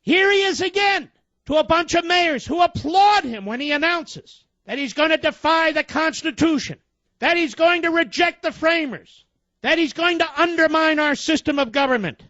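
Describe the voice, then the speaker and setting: High-voiced indignant man on talk radio. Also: expressive, normal speed, sharp tone, no room sound, dull audio. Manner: indignant, emphatic, rhetorical questions.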